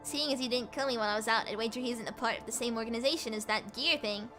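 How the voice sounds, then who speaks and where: A woman voicing a reserved male android soldier, speaking low-key, terse and a bit weary, pitched lower than her own talk. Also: rapid-fire, sharp tone, soft background music.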